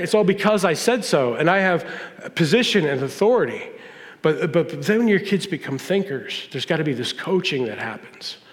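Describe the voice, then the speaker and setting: A middle-aged man, a pastor, preaching a humorous storytelling sermon and acting out family dialogue. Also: a little high. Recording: long reverb of a large hall.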